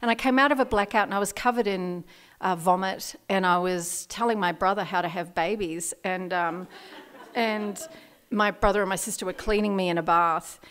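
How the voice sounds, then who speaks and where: A woman tells her recovery story at a meeting, frank and quick to laugh, filling her talk with "you know" and "um." Her voice sits at an ordinary middle pitch. The room around her is very echoey. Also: fairly even intonation, a bit bright. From Australia. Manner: candid, laughs often, many fillers. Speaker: AA meeting speaker. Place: meeting hall. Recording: very echoey hall.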